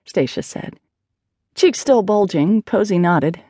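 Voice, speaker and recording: A woman's voice: fairly low pitch, lively intonation, moderate pace, darkish tone, dry recording, studio quality. A woman narrating an audiobook in a wry, conversational manner. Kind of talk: scripted narration.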